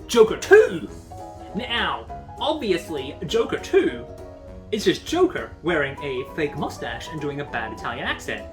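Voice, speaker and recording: A woman giving a casual comic book review in a sarcastic, rambling, profane manner. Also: low voice. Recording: voice over background music.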